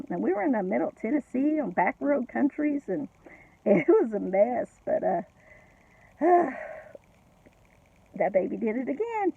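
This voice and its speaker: A woman's voice: on the high side, sing-song, measured pace, gravelly, pauses often, breathy edge, no echo. A middle-aged or older woman telling a family story in a chatty way, laughing often and adding asides, over tinny phone-like audio. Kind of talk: casual personal storytelling.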